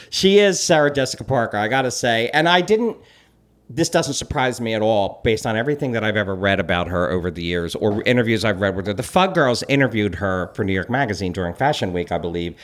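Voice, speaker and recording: A man co-hosting a casual podcast chat as a celebrity blogger, telling stories with animated swings in his voice. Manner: animated storytelling, lively swings in pitch.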